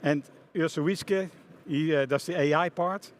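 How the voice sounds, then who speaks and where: A middle-aged man with a Dutch accent gives a conference talk, telling a story in an animated way with many hesitations and restarts. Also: on the high side, a little slow. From Netherlands. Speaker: conference speaker, front-end architect. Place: conference hall stage.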